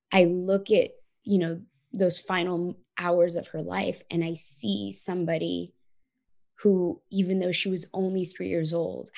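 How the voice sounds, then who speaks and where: Woman, 30s, interview guest; earnest reflective storyteller, low voice with vocal fry. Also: a little mellow. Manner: earnest, reflective, frequent "like" and "you know".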